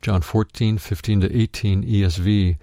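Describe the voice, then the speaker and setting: Deep gravelly man reading a Bible study. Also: fairly even intonation, warm tone, no room sound, clean studio sound. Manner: measured reading, citing verse references aloud. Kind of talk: scripted narration of a written teaching.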